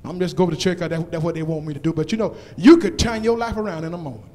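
A man preaching a sermon in a church, with call-and-response lines that build to shouted climaxes. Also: fairly high pitch, fast. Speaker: pastor. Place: church sanctuary. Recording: long church reverb.

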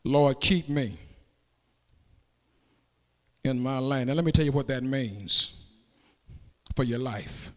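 A man preaching a sermon in a church, swinging from plain talk into shouted, sung cadences and calling out to the congregation for answers. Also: mid-range voice, slow pace, long pauses. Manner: calls out to the congregation for response. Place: church sanctuary. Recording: long hall reverb.

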